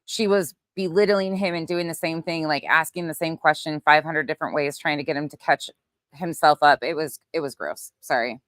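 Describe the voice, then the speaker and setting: Outside on a windy night, a livestream host with a deep, slightly bright voice chats fairly quickly with her viewers. She's blunt, swears now and then, and calls out chat names, all captured in a dry recording.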